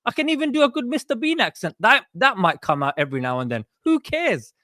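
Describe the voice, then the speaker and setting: A young man with a notably high voice argues hard on a live audio call. He fires off figures in a combative, pushy way. His sound is close and dry. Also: very animated, quick pace, sharp tone, no echo. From Britain. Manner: combative, rattles off statistics, says "mate". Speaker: debater. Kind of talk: heated live audio debate.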